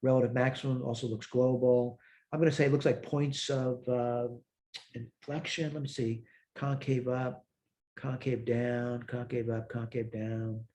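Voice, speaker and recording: Tired, mellow-voiced man teaching math. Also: mid-range voice, level tone, measured pace. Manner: thinks aloud, corrects himself, asks and answers his own questions. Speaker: math instructor. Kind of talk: recorded math lecture.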